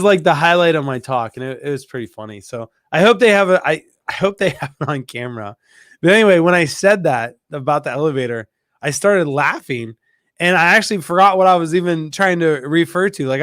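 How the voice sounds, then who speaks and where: A man hosting a casual livestream chat, animated and laughing at his own stories, stuffy with allergies. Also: a little high, fairly quick, no echo, clean studio sound. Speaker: aquarium shop host.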